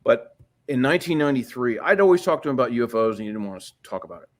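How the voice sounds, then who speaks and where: A man's voice: medium pitch, animated, rapid-fire. A man in his sixties, a podcast guest telling a long story, profane and rambling, with frequent restarts. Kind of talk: storytelling interview.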